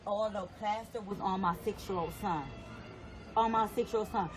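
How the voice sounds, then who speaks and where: A woman's voice: mid-range voice, fairly even intonation, normal speed, loud music behind the voice. A woman telling what happened near her home, repeating details emphatically in a casual way. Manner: repetitive, emphatic retelling. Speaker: local resident. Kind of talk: casual outdoor account.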